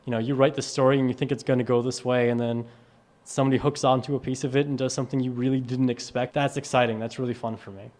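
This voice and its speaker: A man interviewed about organizing live-action role-play, explaining casually and quickly. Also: mid-range voice, level tone, darkish tone.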